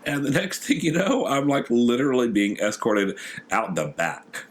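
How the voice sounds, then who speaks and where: A man's voice: medium pitch, big pitch swings, normal speed. A man from Texas with a Texan accent, co-hosting a podcast and telling stories in a sassy, profane, casual way. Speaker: podcast co-host. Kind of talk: casual chat.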